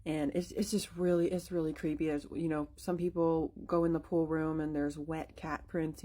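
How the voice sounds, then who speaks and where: A young woman tells a spooky story from her own life in a loose, chatty way, full of fillers and restarts. Her voice sits a little low for a woman. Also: a little mellow. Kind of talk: casual spoken storytelling.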